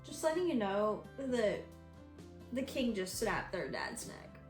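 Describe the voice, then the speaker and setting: A woman's voice: mid-range voice, takes it slowly. Chatty woman vlogger in a roomy space. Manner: chatty, excitable, many fillers and restarts. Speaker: book vlogger. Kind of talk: casual reading vlog chat. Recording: roomy echo with faint music.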